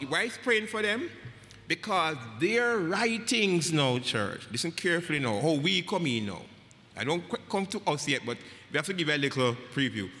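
In an echoey church hall with long reverb, a man leads a Bible study in the manner of a sermon. His voice is high, pushed and bright, and he teaches emphatically, repeating phrases and putting questions to the congregation.

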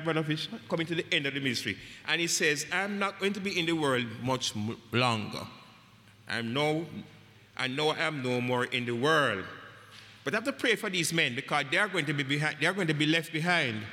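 Speaking a little fast in a sharp-toned voice on the high side, a man preaches a Bible study to a congregation in a church hall. He stresses his points, repeats phrases and asks listeners questions, while the hall's long reverb makes the recording echoey.

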